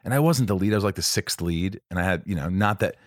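A man's voice: sits low, fast, no room sound, clean studio sound. A man in his forties hosting a podcast, telling stories in a casual, self-mocking way. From United States. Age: 40s. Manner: animated, self-mocking storyteller. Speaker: podcast host. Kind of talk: casual chat.

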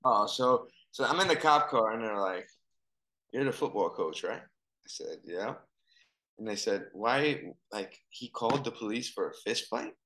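Guy telling a story, kinda low voice, acts out all the voices, echoey room. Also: unhurried. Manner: animated storyteller, acts out dialogue. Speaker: football coach. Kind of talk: storytelling in casual conversation.

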